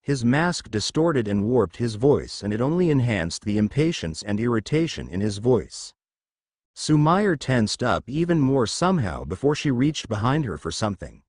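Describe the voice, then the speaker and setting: He speaks at normal speed with a medium pitch, reading a fan fiction story as an audiobook. The sound is dry and studio quality, and he keeps all characters' lines in one even voice.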